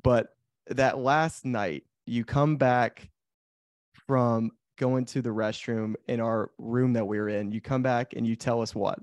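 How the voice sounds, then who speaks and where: A man's voice: medium pitch, fairly even intonation, measured pace, darkish tone, dry recording. A man hosting a podcast, teasing his guest in a playful way and setting up stories with casual questions. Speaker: podcast host, pro golfer. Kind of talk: casual interview chat.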